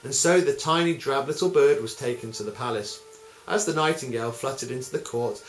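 Male music teacher narrating a tale, mid pitch, echoey room with music behind. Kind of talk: storytelling over music.

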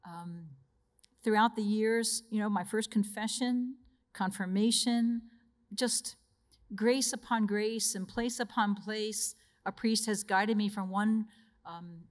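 Woman religious sister giving a retreat talk. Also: mid-range voice. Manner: anecdotal and personal, laughing between stories.

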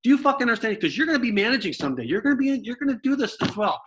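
A man voicing an exasperated, profane older baseball manager who lectures gruffly. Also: high voice, big pitch swings, very fast, very noisy, voice pushed up.

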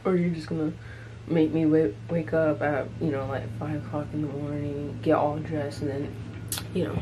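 A woman's voice: low-pitched, flat delivery, noisy background. Playful young woman host. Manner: playful, joking, quick to laugh. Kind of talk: casual chat. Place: home, indoors. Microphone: phone camera.

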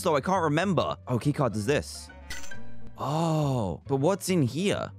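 A man's voice: medium pitch, a little slow, soft background music. A young man hosting a gaming video, muttering under stress and yelping and cheering as he plays. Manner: animated, stressed muttering to himself, yelps and cheers. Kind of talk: excited gameplay commentary.

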